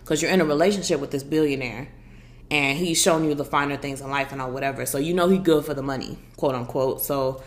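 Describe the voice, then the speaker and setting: A woman's voice: deep voice, fast. Sassy, blunt woman podcast host. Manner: sassy, blunt, profane, animated storytelling. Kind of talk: casual opinion chat.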